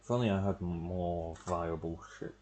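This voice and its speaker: A man's voice: low-pitched, steady tone, normal speed, warm tone, a little hiss or hum. A man streaming a game, chatting casually with wry, profane, rambling asides. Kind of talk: casual gameplay commentary.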